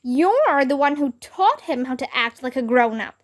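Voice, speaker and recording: A woman's voice: high-pitched, big pitch swings, normal speed. A woman voicing a snippy know-it-all schoolgirl in a storybook reading.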